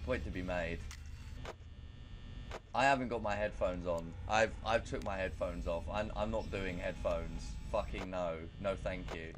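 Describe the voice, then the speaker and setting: A man's voice: deep voice, unhurried, over music. A man hosting a horror game let's play, talking nervously, swearing a lot and mocking himself. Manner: nervous, profane, self-mocking. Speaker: gaming channel host.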